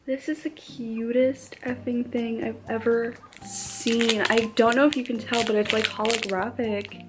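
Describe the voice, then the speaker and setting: A young woman, a college student, chatting casually as she unboxes blind boxes and gushes excitedly over how cute everything is. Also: fairly high pitch, unhurried. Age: young adult. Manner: gushing, excitable, squeals over cute things. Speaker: unboxing vlogger. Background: background music.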